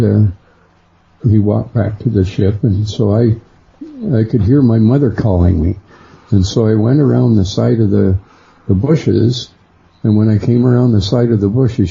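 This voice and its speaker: A middle-aged man, a guest on a radio interview, slowly recounting a personal experience and lifting his voice for the people he quotes. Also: creaky, mellow, breathy edge. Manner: unhurried storyteller who acts out quoted voices higher. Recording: dull lo-fi sound.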